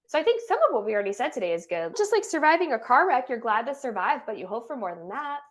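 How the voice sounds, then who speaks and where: A woman trauma therapist and doula speaking as a podcast guest, earnest and expressive, often acting out what people say. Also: a little high, quick pace. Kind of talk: casual podcast interview.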